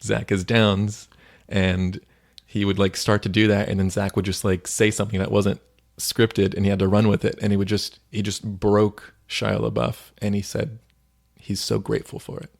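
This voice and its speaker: A man's voice: fairly low pitch, level tone, moderate pace, vocal fry. A man co-hosting a faith podcast, retelling stories in a rambling, casual way with lots of "like.". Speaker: podcast co-host.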